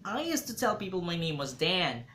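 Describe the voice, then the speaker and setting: A man reading a novel aloud, voicing an earnest, funny teenage boy who sounds a little hoarse and talks openly and sincerely. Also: high-pitched, big pitch swings, normal speed, sharp tone, slight background noise, pitched above the performer's own voice, heavily acted. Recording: roomy echo.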